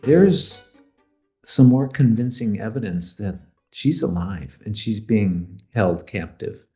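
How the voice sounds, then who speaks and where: Man podcast co-host, expert commentator, opinionated, mellow voice. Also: fairly low pitch, slow, faint music behind. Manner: opinionated, explanatory, confident in his views. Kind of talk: casual podcast discussion.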